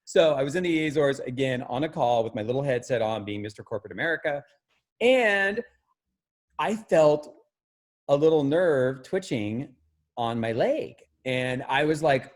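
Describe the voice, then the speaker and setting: A man telling a funny story in a casual group chat, excitable and animated. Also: high voice, brisk. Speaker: guest storyteller.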